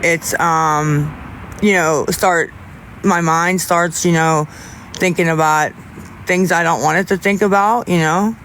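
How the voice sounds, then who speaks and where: A young man livestreaming, chatting casually with viewers in a rambling, halting way with many restarts. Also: a little high, fairly even intonation, a bit bright, a little hiss or hum.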